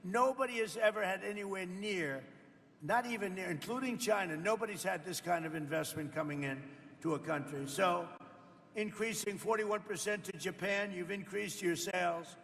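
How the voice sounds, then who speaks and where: A high, gravelly, somewhat bright voice at a moderate pace belongs to an older man, a president, addressing farmers at an indoor roundtable. He rambles without a script, boasts, and throws conversational asides to the room, with a long reverb tail on the sound.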